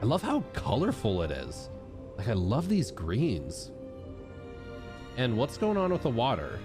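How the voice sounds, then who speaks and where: A young man chatting casually as he streams a game, thanking subscribers and reacting out loud. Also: medium pitch, a little slow. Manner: animated, chatty, shouts out subscribers. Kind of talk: casual gameplay commentary. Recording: game music playing behind.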